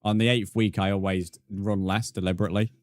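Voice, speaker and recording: A young man talks to his live chat in a lowish voice, chatty and easily amused. The sound is close and dry, with no room echo. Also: level tone, fairly quick. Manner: chatty, reads and answers chat messages, laughs often. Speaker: streamer. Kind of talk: casual live-stream chat.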